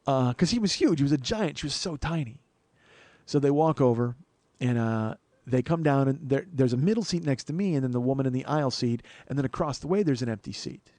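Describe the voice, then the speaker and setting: Animated, swearing storyteller man. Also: mid-range voice, brisk, no echo. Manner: animated, profane, self-mocking. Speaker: comedian, podcast host. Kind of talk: comic storytelling.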